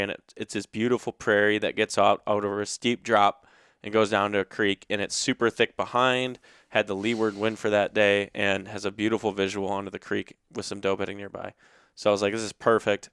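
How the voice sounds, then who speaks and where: A young man hosts a casual chat and recounts a hunt with earnest feeling, stumbling and restarting as he goes. His voice sits a bit low and sounds smooth. The recording is dry and close. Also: fairly bright tone, dry recording. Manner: earnest, emotional retelling with many restarts. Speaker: podcast host. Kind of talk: casual storytelling.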